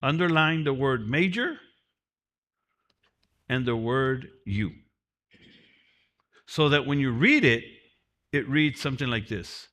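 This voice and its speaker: A man's voice: on the high side, lively intonation, unhurried, long pauses, fairly bright tone. A man giving a motivational seminar lecture, repeating and stressing key phrases for his class. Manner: repetitive, emphatic, drills key phrases; speaks from personal experience of prison. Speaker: mentoring class teacher.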